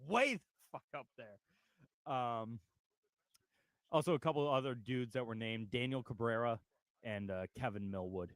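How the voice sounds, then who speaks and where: A man's voice: mid-range voice, moderate pace, pauses often, dry recording, studio quality. A man co-hosting a local sports radio show, joking loosely, swearing and laughing as he chats. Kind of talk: casual sports chat.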